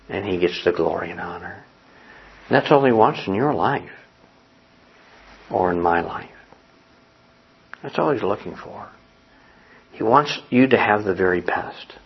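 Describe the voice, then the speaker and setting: An older man preaching a sermon, animated, moving between hushed and loud passages. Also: fairly low pitch, lo-fi sound. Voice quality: gravelly, husky. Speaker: pastor.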